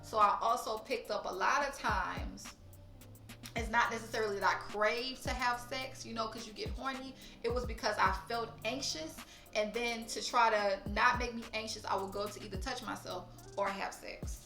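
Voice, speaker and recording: A woman's voice: a little high, steady tone, moderate pace, pushed and bright, echoey room, faint music behind. A woman talking frankly and emotionally in a personal vlog, swearing casually. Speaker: vlogger. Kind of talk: candid personal vlog talk.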